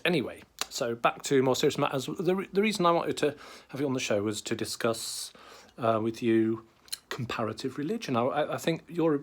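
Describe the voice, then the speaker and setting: A man hosting a comedy show, interviewing a guest in a hesitant, rambling way with many fillers and restarts. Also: mid-range voice. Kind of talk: comic improvised interview.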